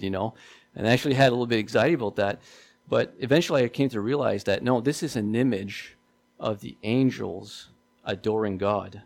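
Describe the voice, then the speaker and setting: A man's voice: fairly low pitch, a little fast, gravelly, a little mellow. A man preaching a sermon in a conversational way, often repeating himself and asking his listeners questions.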